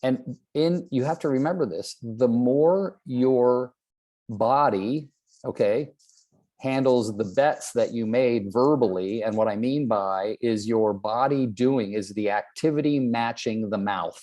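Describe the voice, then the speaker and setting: A real estate trainer in his sixties gives a motivational talk, telling stories and acting out the people he quotes. His medium-pitched voice is warm and measured.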